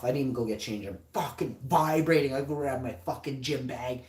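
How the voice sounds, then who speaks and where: A man telling a story on a livestream podcast, swearing constantly and getting loud and heated. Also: mid-range voice, a little fast, echoey room. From Canada. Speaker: podcast host.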